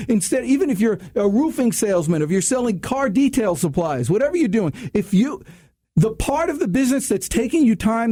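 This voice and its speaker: A man hosting a sales talk radio show, preaching tips in an animated way and laughing at himself. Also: very high-pitched.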